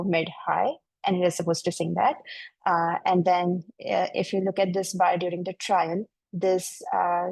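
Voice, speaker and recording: A woman presents research in a webinar, steady and explanatory as she moves from slide to slide. Her voice sits fairly low and mellow, with a gravelly edge of fry. The recording is dry and close, with no room sound. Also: dry recording, low-quality recording. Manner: measured, explanatory, walking through slides.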